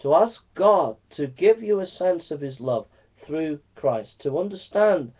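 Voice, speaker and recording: Man, sermon, earnest, repetitive, loud to hushed, slightly high voice, muffled recording. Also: animated, a little slow, slightly rough. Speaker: preacher. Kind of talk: sermon to preachers. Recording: dull lo-fi recording.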